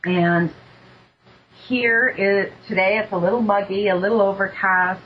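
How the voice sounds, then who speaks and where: A Canadian woman hosting an online talk show as a life coach, excited, a bit nervous and effusive. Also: mid-range voice, a little slow, slight background noise. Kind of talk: casual online radio talk. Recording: dull lo-fi internet radio.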